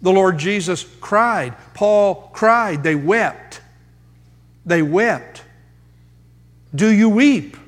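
Male pastor, high voice, slow and emphatic delivery, long hall reverb behind him. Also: animated. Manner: emphatic preaching with dramatic pauses and rhetorical questions. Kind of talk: sermon.

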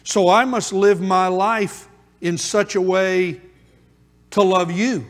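A man's voice: high voice, steady tone, takes it slowly. A male pastor preaching a sermon in a church, repeating key phrases with emphatic rhythm. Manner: emphatic, repetitive preaching cadence. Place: church sanctuary. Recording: long hall reverb.

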